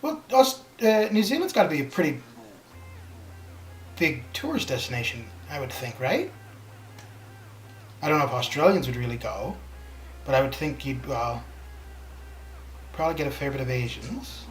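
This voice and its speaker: A male game streamer talks loosely and at length, circling back and restarting his sentences as he goes. His voice sits at an ordinary middle pitch. The room sounds noticeably echoey, with faint stream music underneath. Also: sing-song, moderate pace, pauses often. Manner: rambling, chatty storytelling with frequent restarts. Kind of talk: casual chat while streaming a game. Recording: roomy with background music. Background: stream background music.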